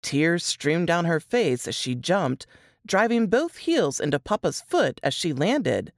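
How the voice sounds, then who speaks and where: Low-voiced woman reading a story slowly. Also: dry recording, studio quality. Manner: expressive, measured storytelling. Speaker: author reading her story. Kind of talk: dramatic fiction reading.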